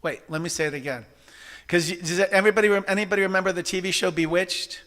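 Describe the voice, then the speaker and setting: A man's voice: high voice, quick pace, a bit bright. A man giving an interactive spiritual talk to a congregation, often asking the audience questions. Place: church service hall.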